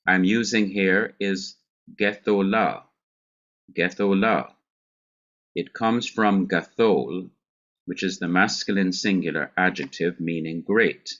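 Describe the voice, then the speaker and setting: A man with a Jamaican accent teaching a Hebrew grammar class, speaking deliberately and repeating key words. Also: sits low, fairly bright tone, lo-fi sound.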